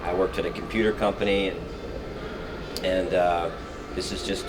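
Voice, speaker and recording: A man's voice: low-pitched, moderate pace, noisy background. A man, a comedian, chatting casually and self-deprecatingly in an interview. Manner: relaxed, rambling, self-deprecating.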